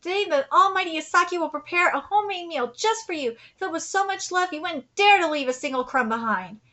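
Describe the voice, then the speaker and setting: A woman's voice: extremely high pitch, animated, brisk, sharp tone, heavily acted. A woman reading as a brash, breezy aunt near thirty.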